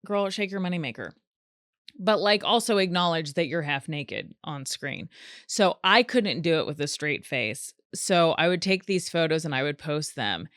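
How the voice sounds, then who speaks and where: A woman hosts a comedic podcast on her own, chatty and animated, slipping into quoted voices. Her voice sits a little low and sounds smooth and clear. The sound is dry and close to the mic. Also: normal speed, dry recording. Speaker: podcast host. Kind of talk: solo comedic podcast monologue.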